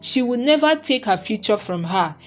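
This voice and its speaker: A woman narrating a romantic folktale story in a steady, even reading voice. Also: fairly high pitch, normal speed, soft background music.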